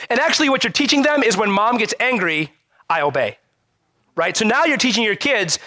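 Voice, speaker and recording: A man preaching a sermon in an animated, conversational way, often checking in with rhetorical questions. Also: sits high, brisk, no echo. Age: adult parent. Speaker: pastor.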